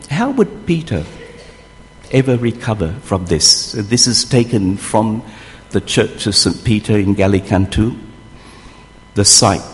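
Man preaching animatedly in a reverberant hall. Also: fairly low pitch. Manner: animated storytelling, acting out voices in the scene. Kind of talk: sermon.

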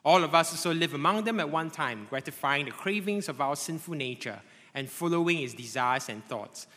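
A man preaching a sermon to a congregation, animated and conversational, often checking in with tag questions like "right?" and "okay?". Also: fairly high pitch, fairly quick. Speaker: pastor. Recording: long hall reverb.

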